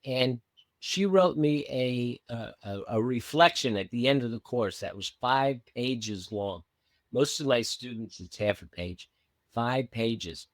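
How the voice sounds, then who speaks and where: A meditation coach tells a story in conversation, animatedly acting out the dialogue of the people involved. His voice is medium-pitched and unhurried. The recording is dry.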